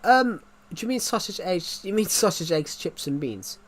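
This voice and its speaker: A young British man in his twenties chats casually on a live stream, answering viewers in a rambling way and repeating and restarting his phrases. His high voice is expressive and moves at normal speed.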